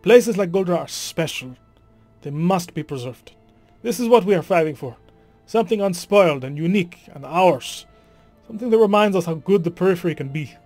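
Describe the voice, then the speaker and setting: A man voicing a game character who softly and lyrically describes a beautiful homeworld, in a let's play. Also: sits high, expressive, a little fast, dry recording, soft background music. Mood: wistful.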